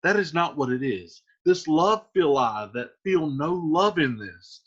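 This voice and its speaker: A man's voice: on the high side, animated, unhurried, slightly rough. A man voicing Romeo, a lovesick, brooding young man, reading Shakespearean verse aloud in a lo-fi recording. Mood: anguished.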